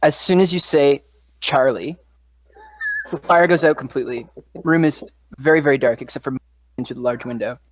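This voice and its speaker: A man's voice: medium pitch, normal speed, pauses often, no room sound. A man running a tabletop game as game master, narrating scenes vividly with loose fillers.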